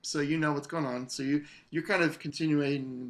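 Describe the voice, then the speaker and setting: Man, higher voice, music teacher, masterclass coaching, sung demonstrations. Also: moderate pace. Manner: relaxed, sings phrases to demonstrate. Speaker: English horn teacher. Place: online video masterclass.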